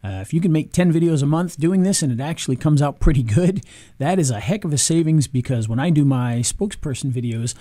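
A man casually reviewing software on screen, chatty, with frequent ums and restarts. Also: mid-range voice, no echo. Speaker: video marketing reviewer.

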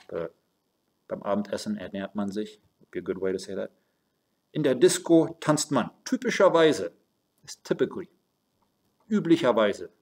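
Low-voiced man teaching German. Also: a little mellow. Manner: explains step by step, spells words out, mixes German and English. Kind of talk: recorded online lesson. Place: home office with a squeaky chair.

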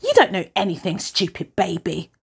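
A woman voicing an eager, sly young boy in a read-aloud picture book, in a bright, excited, pleading way. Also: lowish voice, normal speed, vocal fry, slightly rough, heavily acted.

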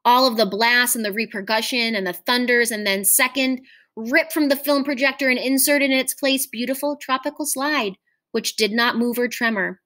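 Woman reading a story aloud, fairly high voice. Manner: measured, expressive storytelling. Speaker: teacher.

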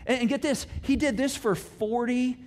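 A middle-aged male pastor giving a casual, conversational sermon, telling the story in an animated way with playful asides and sudden swings in loudness. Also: extremely high pitch, normal speed.

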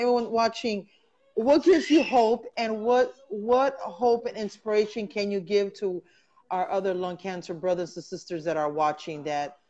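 A woman hosts a casual interview in an affectionate, chatty way. Her voice sits at a middle pitch. The sound is dull and lo-fi, like a live stream. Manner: warm, affectionate, reads viewer comments aloud. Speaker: host.

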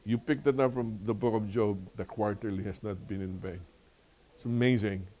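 Older filipino guy, kinda low voice, church bible class teacher, repeats himself like a preacher. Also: moderate pace. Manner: animated storytelling, laughs often; preacherly repetition. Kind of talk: church lesson review.

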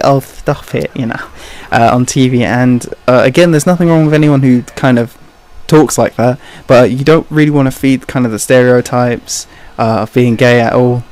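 A man's voice: mid-range voice, a little mellow. A man giving casual opinion commentary over gameplay, rambling and hesitant, full of "you know" and "kind of," with awkward laughs between points. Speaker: gaming commentator.

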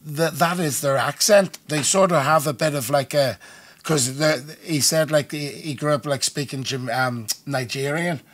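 A man's voice: a little high, unhurried, a bit bright. A man, a podcast guest talking in a blunt, laid-back and slangy way. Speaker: podcast guest, former boxer turned comedian. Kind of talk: casual chat.

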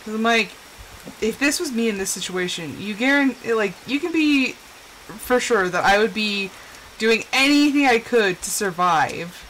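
A woman streamer with a slightly high voice rambles through casual gameplay chat. She talks to herself and leans on fillers. A faint hiss sits under her voice. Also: animated, a little slow, a bit bright, rough recording. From Southwestern United States.

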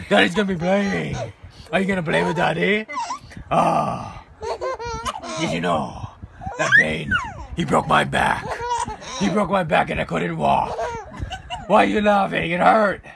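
A man's voice: high voice, expressive, unhurried, pauses often, noisy background, heavily acted. A man putting on a brooding masked vigilante's voice to play with his baby daughter. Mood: gravelly growl. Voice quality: gravelly growling whisper.

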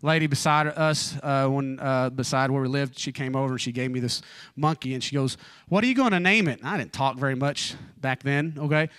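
A man in his forties preaching an evening church sermon, telling personal stories informally with joking asides, and dropping low and fervent in prayer. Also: flat delivery, a little fast, hardly any pauses, a bit bright, clean tone, no echo, clean studio sound. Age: 40s.

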